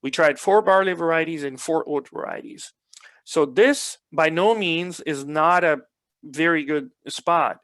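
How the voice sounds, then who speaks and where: A man's voice: on the high side, measured pace, a bit bright, no echo. A man giving an extension lecture, explaining field trial results in an explanatory way, often repeating words for emphasis. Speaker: soil health extension specialist. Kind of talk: presentation lecture.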